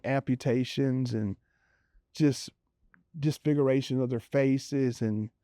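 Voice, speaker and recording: Man, storytelling, dark mellow voice, dry close sound, slightly muffled recording. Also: mid-range voice, no room sound. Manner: conversational, many fillers, acts out quoted voices. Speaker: interviewee telling his recovery story. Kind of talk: personal storytelling.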